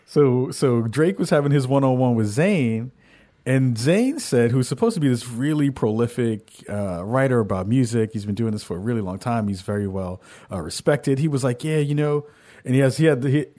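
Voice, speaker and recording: A man hosting a podcast in casual banter, joking and telling stories in an animated way. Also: medium pitch. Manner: animated, joking, fast storytelling. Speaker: podcast host.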